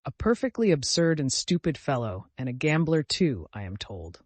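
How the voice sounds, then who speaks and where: A man reading an audiobook, voicing a cold, brusque aristocratic prince who speaks in a monotonous tone. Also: fairly high pitch, normal speed, dry recording. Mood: scornful.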